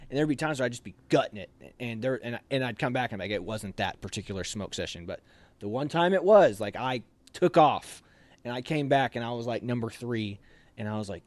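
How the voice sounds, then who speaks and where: An American man telling army stories in a casual, animated way, with loud barked drill commands now and then. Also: medium pitch, quick pace, dry recording. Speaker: officer candidate telling stories. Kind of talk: casual storytelling.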